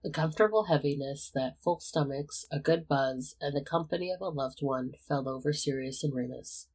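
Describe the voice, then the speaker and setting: Calm narrator reading fan fiction, husky and breathy. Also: mid-range voice, normal speed, rough recording. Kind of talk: fan fiction read aloud.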